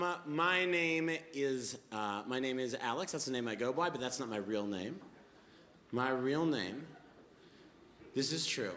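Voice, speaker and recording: A man in his late twenties telling a stand-up set, animated storytelling with mumbled asides. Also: medium pitch, reverberant, very noisy. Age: late 20s. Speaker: stand-up comedian. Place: comedy club stage before a laughing audience.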